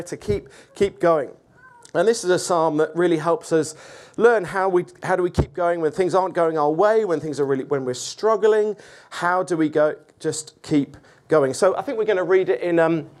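A man's voice: fairly high pitch, darkish tone. A man preaching informally to a church group, chatty and joking with many fillers. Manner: slow, deliberate scripture reading. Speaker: preacher leading a Bible study.

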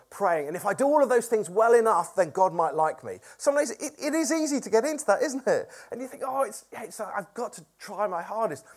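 A man preaching a conversational sermon who asks the congregation questions. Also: sits high. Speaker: pastor.

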